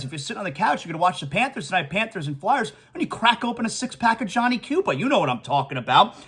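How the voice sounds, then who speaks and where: A man hosting a solo sports talk show, excitable and animated, repeating catchphrases and reading ads in a casual way. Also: fairly high pitch, breathy edge. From South Florida.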